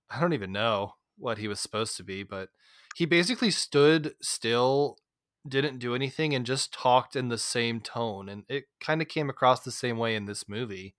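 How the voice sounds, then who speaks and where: A man hosting a relaxed movie talk, his voice at an everyday middle pitch. He chats loosely and laughs easily. The sound is dry and close. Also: normal speed, no room sound. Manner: chatty, uses "like" a lot, laughs easily. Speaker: podcast host. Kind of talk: casual movie discussion.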